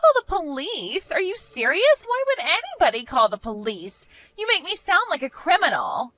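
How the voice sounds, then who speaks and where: A woman's voice: extremely high pitch, huge pitch swings, normal speed, fairly bright tone, no room sound, voice pushed up, full character voice. A woman voicing a selfish, defensive woman neighbor who scoffs and bristles in a narrated story. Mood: scoffing. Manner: indignant, scoffing.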